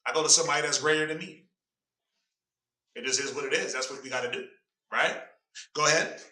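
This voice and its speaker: A man's voice: on the high side, brisk, pushed and bright. A man leading a Bible class with call-and-response, emphatic and preachy, prompting a reader along. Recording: roomy sound from a distant mic.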